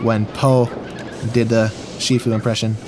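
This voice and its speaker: A man's voice: medium pitch, flat delivery, a little slow, noisy background. A man giving goofy, jokey gameplay commentary while talking to himself as he plays. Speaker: gaming video host.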